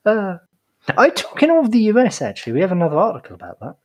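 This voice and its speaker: A man's voice: high voice, huge pitch swings, fast talker. A man co-hosting a live chat show, dropping sardonic, mock-outraged asides. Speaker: co-host.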